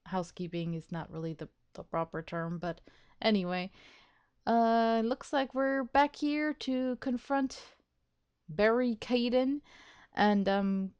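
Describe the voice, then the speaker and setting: Slow, rambling woman gaming commentator. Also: fairly high pitch, a little mellow, smooth, highs cut off. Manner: rambling and self-deprecating, with frequent laughs; many fillers and restarts, thinking aloud. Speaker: let's play host. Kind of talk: casual gameplay commentary.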